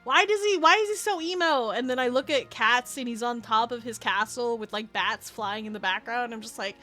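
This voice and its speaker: A woman's voice: a little high, moderate pace, bright, forceful tone, faint music behind. A woman streamer reading game text aloud and reacting in chatty, giggly bursts.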